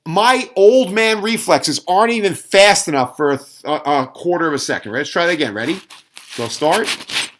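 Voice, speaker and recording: A man's voice: fairly high pitch, lively intonation, normal speed, noisy background. A middle-aged man ranting sarcastically in a casual home cooking vlog. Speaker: fitness vlogger. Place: home kitchen.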